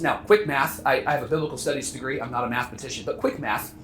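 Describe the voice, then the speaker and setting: A man's voice: on the high side, quick pace, fairly bright tone, echoey room, soft background music. A man pastor preaching a sermon earnestly, stirring listeners with rhetorical questions. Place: church sanctuary.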